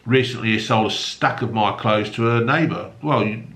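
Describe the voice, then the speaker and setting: Man, bright voice, sweary solo newspaper review, mocking asides between the stories. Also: on the low side, moderate pace.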